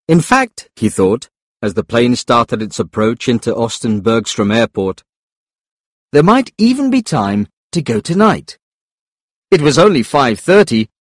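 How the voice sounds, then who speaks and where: A man reading a story aloud in clear, deliberate audiobook narration. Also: medium pitch, no room sound, studio quality.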